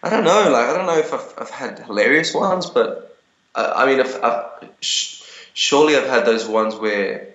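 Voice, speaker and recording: A man's voice: medium pitch, lively intonation, moderate pace, a bit bright, reverberant, dull audio. A young man being interviewed over a video call, telling stories in a rambling way with many restarts and fillers.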